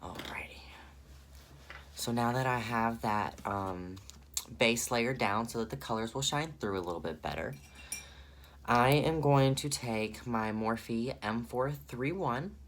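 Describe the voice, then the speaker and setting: A man's voice: mid-range voice, measured pace, fairly bright tone, slight background noise. A man with a Southern US accent chatting through a makeup tutorial, thinking aloud and gushing over the colors. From Southern United States. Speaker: makeup vlogger.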